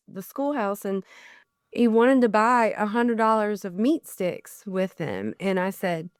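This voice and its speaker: In a medium-pitched, clean voice at a moderate pace, a woman in her forties who has lost a child chats as a podcast guest. She tells stories casually and grows animated when voicing others. The studio-quality sound has no room echo.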